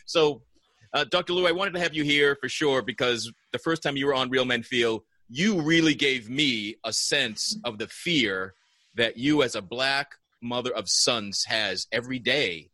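A man's voice: mid-range voice, moderate pace, sharp tone, no room sound. A man hosting a casual interview, talking conversationally and restarting his questions. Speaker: podcast host.

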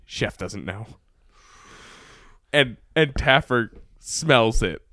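A man co-hosting a casual podcast, retelling a TV scene and acting out shouted quotes as he goes. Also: mid-range voice, drawn-out words, dry recording, studio quality. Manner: animated storyteller, acts out shouted quotes. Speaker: podcast co-host.

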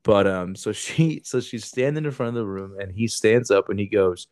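A man's voice: on the low side, moderate pace, hardly any pauses, no room sound, clean studio sound. A young man hosting a podcast, telling a crude story casually, swearing and acting out the people he quotes. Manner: animated, swearing, acts out quotes in raised voices. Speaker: podcast host.

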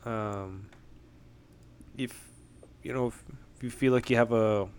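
A man's voice: mid-range voice, fairly even intonation, slow, clean tone. A young man co-hosting a casual podcast, dry and hesitant, with many fillers. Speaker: podcast co-host. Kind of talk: casual chat.

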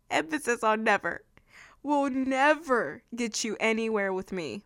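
A woman hosting a casual Bible teaching, animated and often laughing as she acts out her own frustration. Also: a little high, a little slow, no room sound, clean studio sound. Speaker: Christian video host.

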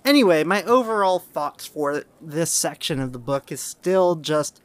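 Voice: medium pitch, unhurried, dry recording. Rambling, self-amused podcast host. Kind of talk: casual chat and reading aloud.

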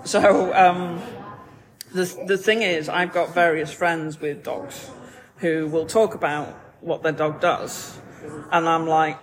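A man with a notably high voice chats casually on a podcast. He is animated and likes to play out little scenes as he talks. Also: a little slow.

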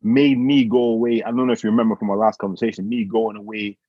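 A man with a slightly low, husky voice tells a story in a relaxed conversation, jumping up in pitch as he acts out what others said. The sound is dull and dry, with no room in it. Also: quick pace, no echo. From England. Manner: animated, quotes others with voice changes. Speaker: guest.

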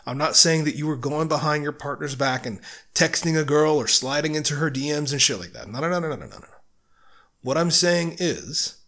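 A man's voice: a little high, animated, fairly quick, sharp tone. A man hosting a casual solo podcast book review, talking in a blunt, profane, argumentative way and firing rhetorical questions at the listener. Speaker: podcast host.

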